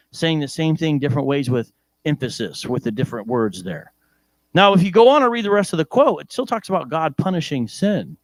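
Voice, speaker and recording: A male preacher with an American accent giving a lively sermon in church, joking and asking the congregation questions. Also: on the high side, no echo.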